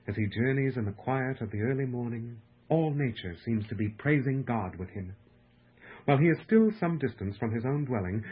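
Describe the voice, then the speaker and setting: A man giving a slow, solemn, reverent audiobook reading of a devotional text. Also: mid-range voice, breathy edge. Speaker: narrator. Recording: tinny phone-like lo-fi sound.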